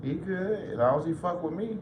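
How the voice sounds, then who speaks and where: A man's voice: sits high, expressive, a little fast. A man hosting a casual livestream, joking loosely and swearing freely as he talks to viewers. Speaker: livestream host. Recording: roomy echo with faint noise.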